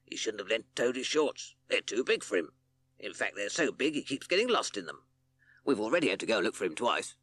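A man's voice: on the low side, very animated, brisk, a bit bright, no echo. A man voicing a cheeky, grumbling male rat in a children's storybook reading, with dry, complaining quips. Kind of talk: storybook character voice.

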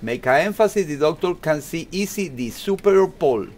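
A man giving a calm, step-by-step ultrasound demonstration in an exam room, with non-native English phrasing. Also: a little high, fairly quick. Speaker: ultrasound instructor.

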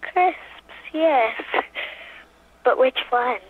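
A woman's voice: sits high, expressive, very slow, no echo. A woman calling in to a radio show by phone, talking in a hesitant, giggly way. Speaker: guest on the phone. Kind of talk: casual phone interview. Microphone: telephone. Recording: tinny phone line.

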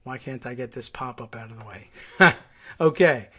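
A man's voice: mid-range voice, normal speed, sharp tone, breathy edge. Chatty man hosting a talk show. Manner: chatty, muttering asides while working the computer. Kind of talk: reading an article aloud with casual asides.

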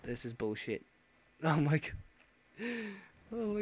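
A man's voice: a little high, sing-song, takes it slowly. A man commentating a horror game playthrough, jumpy and panicky, swearing and exclaiming often. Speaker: gameplay commentator. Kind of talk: let's play commentary.

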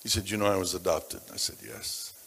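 A male pastor preaches in a lowish, bright voice, drawing his congregation in with personal stories. He drops to a near whisper, then rises to forceful emphasis. The sound carries the long reverb of a large church hall. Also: big pitch swings, fairly quick, gravelly, slightly rough. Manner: dramatic shifts between hushed and loud. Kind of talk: sermon storytelling.

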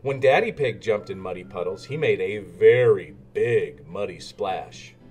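A man reading a children's storybook aloud in an expressive, sing-song way. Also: lowish voice, measured pace, faint music behind. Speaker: narrator.

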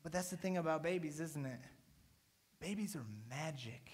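A man's voice: on the high side, normal speed. A man in his thirties, a pastor, giving a casual, chatty sermon to his church and often checking in with "right?". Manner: casual, chatty preaching with many "right?" tags.

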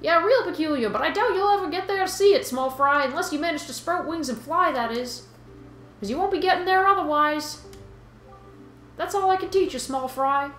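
A woman's voice: high-pitched, a little fast, fairly bright tone, echoey room, voice pushed up. A woman voicing a pushy male talking fish in a put-on Boston accent, reading game dialogue aloud. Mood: pushy, teasing.

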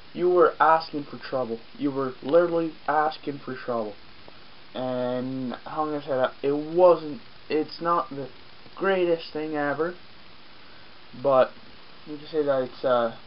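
A man's voice: on the high side, slight background noise. Acadian French-accented male vlogger, chatty and self-deprecating, outdoors on a farm, muffled camera audio. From Acadian, New Brunswick. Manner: rambling, self-mocking, swears casually. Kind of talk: casual outdoor vlog. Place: outdoors on a farm, rainy day.

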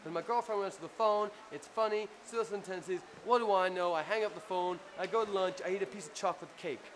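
Profane New Jersey punk singer telling a story. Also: male voice, high voice, quick pace. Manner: profane, rambling, animated anecdote with acted-out quotes. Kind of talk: casual storytelling. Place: crowded club after a show. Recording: noisy live club recording.

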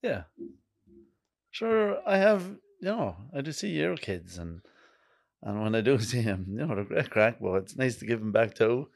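A man's voice: medium pitch, big pitch swings, normal speed, gravelly, no echo, clean studio sound. A middle-aged Irish man on a podcast, wry and blunt, often dropping to a mutter. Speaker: guest. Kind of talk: casual podcast chat.

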